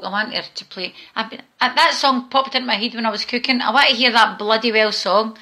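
A woman's voice: a little high, a little fast, few pauses, bright, forceful tone. A Scottish woman at home in her kitchen, talking casually to a smart speaker and swearing a lot in exasperation.

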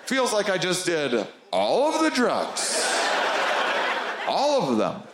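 Animated male stand-up comic in an echoey club. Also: takes it slowly, very noisy. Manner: animated, swooping into high squeals and sound effects. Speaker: stand-up comedian. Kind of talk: stand-up storytelling. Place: comedy club stage.

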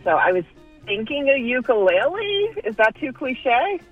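High-voiced Long Island woman caller. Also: big pitch swings, unhurried, faint music behind. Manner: chatty, joking, self-deprecating. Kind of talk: casual call-in chat. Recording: muffled phone-in line.

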